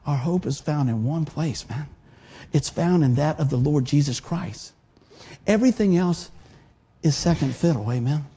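Man, pastor, folksy conversational sermon, gravelly, dark mellow tone. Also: on the high side, expressive, normal speed.

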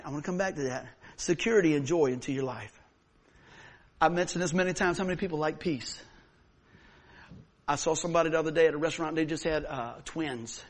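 High-voiced animated pastor. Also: male voice. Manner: animated storytelling with sudden loud whoops. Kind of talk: sermon.

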